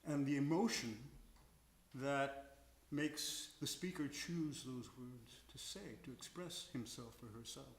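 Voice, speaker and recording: A man's voice: mid-range voice, roomy sound, a little hiss or hum. An older man, a veteran opera tenor, talking reflectively about singing at a stage Q&A and now and then singing short examples. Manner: reflective, slow, sings short examples to illustrate. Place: concert house stage.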